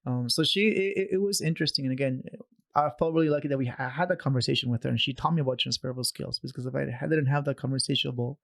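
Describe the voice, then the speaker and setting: A man, a podcast guest, telling stories in a conversational way, animated and acting out quoted voices, with many restarts. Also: medium pitch, rapid-fire, vocal fry. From Canada. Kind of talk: conversational storytelling.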